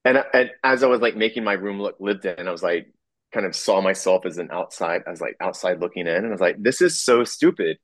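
Very deep-voiced man, halting storytelling. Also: no room sound. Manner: halting, full of fillers and restarts; chuckles through the telling. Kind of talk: personal storytelling.

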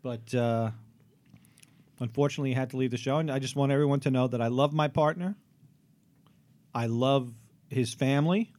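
A man's voice: medium pitch, moderate pace, long pauses, a little mellow. A man hosting a radio show in a studio, joking and rambling with restarts.

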